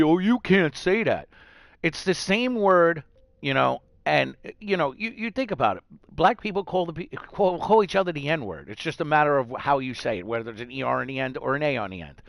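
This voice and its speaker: Profane ranting New man, gravelly. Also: a little high, a bit bright, dry recording, clean studio sound. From New York. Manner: heated, profane ranting with mocking put-on voices. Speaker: gaming vlogger. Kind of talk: angry rant to camera.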